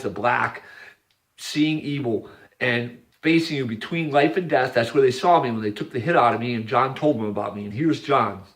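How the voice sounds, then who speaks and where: A man narrates over images in an earnest, insistent manner, pointing out each detail and returning again and again to the same ideas. His voice sits in an ordinary middle pitch. The delivery is unscripted and a little rambling. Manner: earnest, repetitive pointing-out narration, occasional yelled quotes. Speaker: video narrator.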